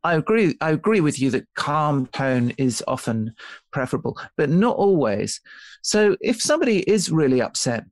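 A man talks through his ideas as a podcast guest, pausing and restarting as he thinks and often checking in with "right?". His voice sits a touch higher than most men's, and the recording is dry and close, with almost no room sound. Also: sing-song, no room sound. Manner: thoughtful, explains with many restarts and "right?" checks. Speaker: author and guest. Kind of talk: conversational podcast interview.

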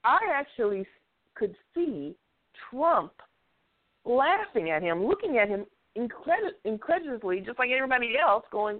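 A woman's voice: a little high, big pitch swings, moderate pace. A woman giving blunt, opinionated commentary in a casual chat, chuckling now and then as she talks. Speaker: show regular giving opinions. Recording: tinny phone-like sound.

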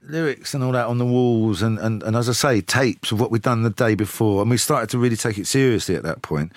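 A man, telling lively anecdotes with chuckles as a studio guest. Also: medium pitch, a little fast, no echo. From England. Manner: lively, chuckling storyteller with frequent "you know". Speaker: musician, guest. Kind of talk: casual chat, anecdotal storytelling.

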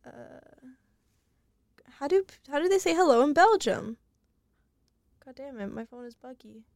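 A woman's voice: high-pitched, lively intonation, normal speed, darkish tone, dry recording, studio quality. A young woman co-hosting a podcast in casual chat, giggling often and swearing offhandedly. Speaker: podcast co-host.

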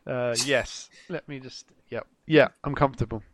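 A man's voice: medium pitch, steady tone, a little hiss or hum. A man co-hosting a comedy podcast, teasing and laughing as he chats casually. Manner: giggly, teasing, drawn-out. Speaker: podcast co-host.

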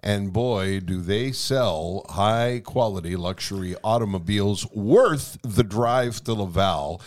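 A man co-hosting a podcast, telling a story in a casual, animated way and often laughing through his words. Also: fairly low pitch, slow pace. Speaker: podcast co-host.

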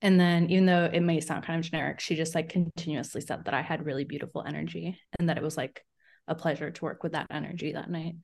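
A woman's voice: low voice, fairly even intonation, fast talker, creaky, a little mellow. A woman co-hosting a podcast in casual chat, telling stories with lots of "like" and acted-out quotes. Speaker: podcast co-host.

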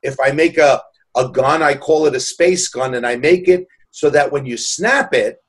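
A man's voice: medium pitch, normal speed, breathy edge. Jokey older New man. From New York, USA. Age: 60s. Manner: jokey, heartfelt, rambling. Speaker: balloon artist, interviewee. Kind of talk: casual storytelling.

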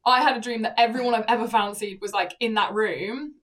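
A woman's voice: on the high side, steady tone, a little fast, fairly bright tone, recorded from a distance. A young woman, a podcast co-host, telling a story in casual chat and acting out the quotes, with frequent swearing. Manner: chatty storyteller, acts out quotes, swears often.

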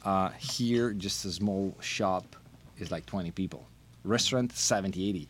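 Brief: middle-aged Italian man, Italian accent, lowish voice, lively, halting storyteller guest. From Italy. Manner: animated, laughing, halting non-native phrasing. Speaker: podcast guest, wine brand manager. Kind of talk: casual storytelling interview.

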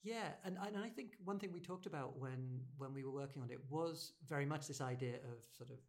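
A speaker reflecting in a measured way during a casual conversation about a book. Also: mid-range voice. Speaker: bookshop podcast co-host.

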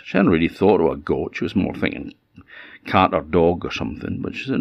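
A man with an Orcadian Scottish accent telling a folk tale in a relaxed, conversational way. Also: low-pitched, a little fast, gravelly, no room sound, lo-fi sound. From Orkney, Scotland. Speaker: storyteller. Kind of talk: oral folk storytelling.

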